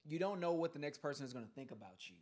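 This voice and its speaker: A man's voice: on the high side, racing. A young man co-hosting a casual podcast, telling stories playfully with laughter. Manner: animated storytelling, playful. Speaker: podcast co-host. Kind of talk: casual chat.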